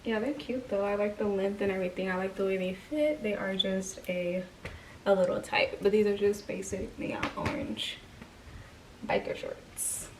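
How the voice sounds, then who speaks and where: A woman's voice: mid-range voice, steady tone, normal speed. A young woman chatting casually through a try-on haul, out of breath and slipping into whispers. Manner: chatty, filler-heavy, drifts into whispers. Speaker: vlogger. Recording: distant mic with clear background noise.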